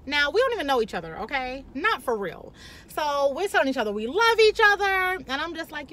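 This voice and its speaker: Woman, vlogger, high bright voice, brash and profane, candid storytelling. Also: fairly quick, a little hiss or hum. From Chicago. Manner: blunt, profane, animated.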